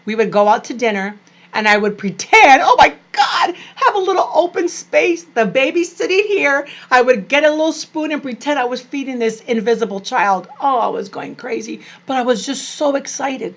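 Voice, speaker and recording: An older woman vlogging about being a grandmother, telling family stories in a gushing, animated way. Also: high-pitched, moderate pace. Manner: animated, gushing, acts out quoted family voices. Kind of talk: personal storytelling to camera.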